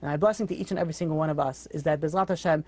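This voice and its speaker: A man, a rabbi, telling a moral story in a sermon, earnest and animated with casual fillers. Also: fairly high pitch, rapid-fire. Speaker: rabbi teaching a class.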